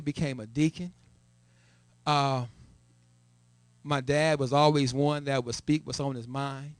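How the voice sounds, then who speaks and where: A man's voice: medium pitch, no room sound. Middle-aged man, church elder, testimony, repeats words, rises to emphatic raised voice, dry close sound. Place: church sanctuary. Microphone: live stream.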